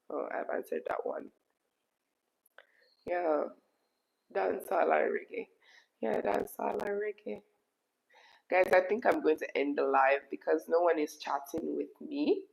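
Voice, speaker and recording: A Jamaican woman with a low, gravelly, hoarse voice talks casually to her viewers from her kitchen. She is chatty, laughs often, and switches easily into patois. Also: measured pace, pauses often, a little mellow, rough recording. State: hoarse from being sick. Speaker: YouTube host answering live chat. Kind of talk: casual live-stream chat.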